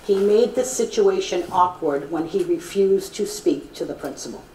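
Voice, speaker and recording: A woman with a Boston accent acting as a spelling bee pronouncer, announcing words in a calm, measured, formal way. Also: on the low side. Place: school hall. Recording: echoey school hall, from far off, background noise.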